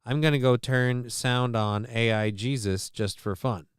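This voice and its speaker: A man's voice: medium pitch, unhurried, clean tone, no echo, clean studio sound. A man hosting a livestream show, chatting casually with a profane, sarcastic, rambling manner.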